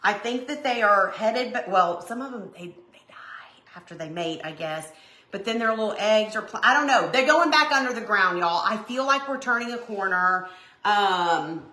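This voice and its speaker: A woman's voice: medium pitch, animated, normal speed, pushed and bright. Chatty woman hosting a craft livestream. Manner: chatty, rambling, full of fillers and asides. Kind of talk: casual live craft chat with viewers. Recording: echoey room.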